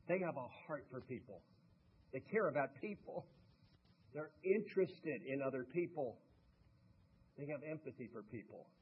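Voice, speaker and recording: A man's voice: on the high side, slightly rough, muffled recording. A man giving a motivational speech, telling folksy stories and talking directly to the audience. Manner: folksy storytelling, talks to the audience. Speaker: motivational speaker.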